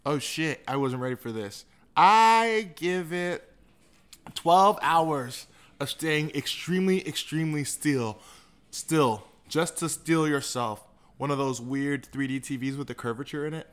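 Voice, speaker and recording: A man's voice: a little high, measured pace, clean tone. A man co-hosting a podcast in casual chat, cracking dry, sarcastic jokes. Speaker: podcast co-host.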